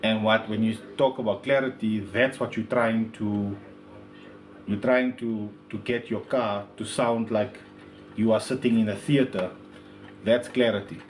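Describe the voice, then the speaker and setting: A man who runs a speaker repair shop, talking casually to the camera in his workshop with lots of slang and frequent throat clearing. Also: lowish voice, steady tone, unhurried, slight background noise.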